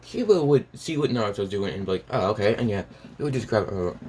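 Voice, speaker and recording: A man with a deep, low voice narrates a made-up fan story off the cuff. He rambles, circles back and fills the gaps with "and yeah", over a faint background hiss. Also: big pitch swings, fast talker, a little mellow. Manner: rambling, full of "and yeah" fillers and restarts.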